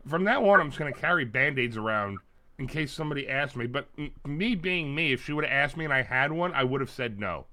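A man's voice: mid-range voice, brisk. A man co-hosting a podcast, telling stories in a casual comedic chat and swearing freely. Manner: animated storyteller, mimics people loudly. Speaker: podcast co-host.

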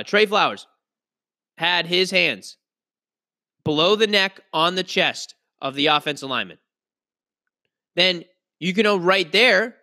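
A man's voice: sits high, bright, forceful tone, no echo, clean studio sound. A man hosting a solo sports podcast, ranting in a frustrated, emphatic way and often restarting his sentences. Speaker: podcast host.

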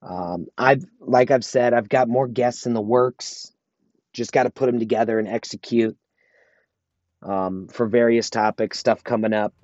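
A man's voice: medium pitch, steady tone, unhurried, a little mellow, no room sound, lo-fi sound. A married man hosting his own podcast alone, talking earnestly and motivationally, repeating phrases for emphasis. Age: adult, married. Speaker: podcast host. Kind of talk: solo podcast monologue.

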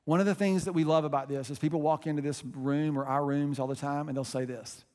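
A man's voice: a little high, fast, few pauses. Emphatic male pastor in a reverberant hall. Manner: emphatic preaching, swings from loud pushes to soft hushed lines. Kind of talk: sermon. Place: church auditorium. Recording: long reverb of a large hall.

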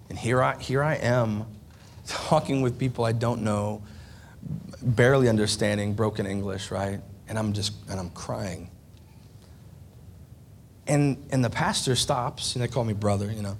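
A man's voice: mid-range voice, normal speed, creaky, a little hiss or hum. A man preaching a sermon, telling a personal story in an earnest, confessional way with frequent restarts. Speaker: pastor.

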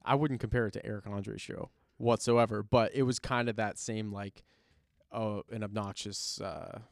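A man's voice: lowish voice, steady tone, moderate pace, vocal fry, no echo, clean studio sound. A man talking as a podcast guest, laid-back and rambling, swearing freely. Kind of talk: casual podcast chat.

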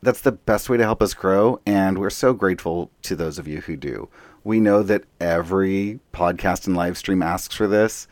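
A man's voice: sits low, normal speed, dry recording. A man hosting a tabletop podcast, reading announcements in a friendly, upbeat way. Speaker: podcast host and player. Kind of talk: read announcements and casual chat.

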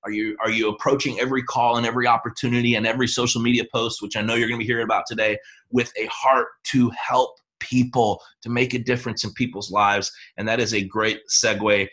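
Energetic man coaching a training call. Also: medium pitch, quick pace. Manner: energetic, coaching, asks rhetorical questions. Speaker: host and team leader. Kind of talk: motivational training talk.

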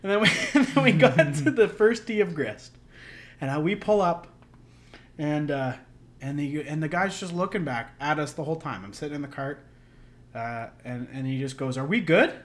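Young male podcast co-host, loose rambling storyteller, slightly high voice. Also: normal speed. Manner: rambling, laughing storyteller with many fillers. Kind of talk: casual storytelling chat.

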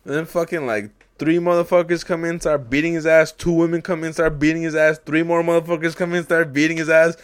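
A man's voice: on the high side, flat delivery, a little fast, hardly any pauses, clean tone. A young man, co-hosting a casual podcast, rambling and swearing constantly, often laughing and acting out quotes. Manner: profane, rambling, laughs a lot, acts out quotes. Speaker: podcast co-host.

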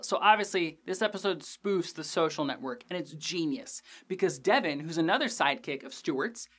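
A young man hosting a podcast, recapping an episode in a casual, animated, jokey way with crude asides and lots of fillers. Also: high voice. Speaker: podcast host reviewing a TV episode.

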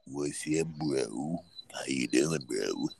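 A man's voice: rumbling low, animated, takes it slowly, vocal fry, darkish tone, slight background noise. A man hosting a casual live stream, loose and laughing as he coaxes callers to perform.

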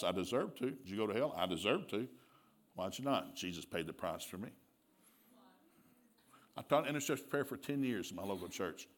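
With a lowish voice, a male preacher delivers a sermon full of animated storytelling, frequently laughing and acting out dialogue.

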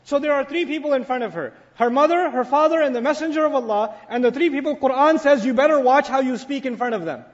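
A man with a very high voice gives an animated sermon, telling a story and putting questions to his listeners. His voice rings through a hall with long reverb. The recording sounds dull and muffled. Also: fast, few pauses. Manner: animated storyteller, asks audience questions and answers them. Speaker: Islamic speaker. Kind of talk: sermon-style talk.

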